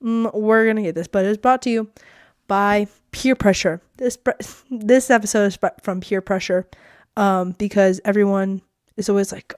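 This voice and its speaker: A teenage girl hosts a casual solo podcast vlog from her bedroom, rambling to the camera in a mid-range, steady voice at a moderate pace. Her tone is a little mellow and smooth, she's chatty and self-deprecating with frequent laughs, and the studio-quality audio has no room sound.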